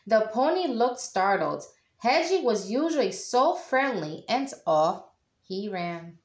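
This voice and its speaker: Expressive teacher reading a picture book aloud, woman, unhurried, roomy sound. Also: fairly high pitch. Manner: slow, expressive storytelling. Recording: echoey room.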